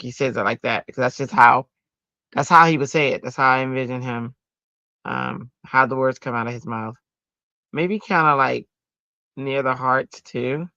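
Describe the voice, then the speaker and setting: A woman's voice: a bass voice, pushed and bright, no echo, lo-fi sound. A woman hosting a casual craft livestream from home, chatting to her viewers as she works. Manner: chatty, answers chat, breaks into sung bits. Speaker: livestream host. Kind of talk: casual livestream chat while card-making.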